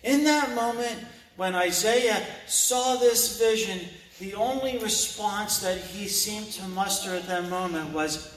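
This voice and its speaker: A man preaching a sermon, reading scripture aloud and slowly repeating key phrases. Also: sits high, fairly bright tone, a little hiss or hum. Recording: roomy hall, mic at a distance.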